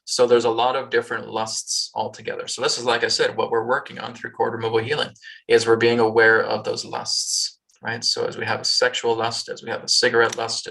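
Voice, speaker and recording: A man's voice: fairly low pitch, gravelly, bright, forceful tone. A man teaching spiritual healing on a video call. He keeps checking in with "right?" and "okay?" and sometimes acts out worried or pushy people in a raised voice. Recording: distant video call audio.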